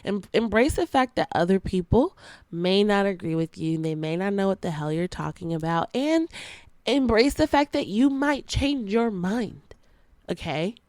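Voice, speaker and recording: A woman's voice: medium pitch, moderate pace, no room sound. A young woman hosting a podcast, talking casually and frankly, with slang and frequent laughs. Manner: animated, plays out quoted friends in sassy voices. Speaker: podcast host.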